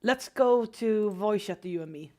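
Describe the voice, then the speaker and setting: A woman's voice: medium pitch, moderate pace, darkish tone. A woman from Sweden chatting casually on a livestream while she draws. She swears freely and laughs often. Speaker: streamer.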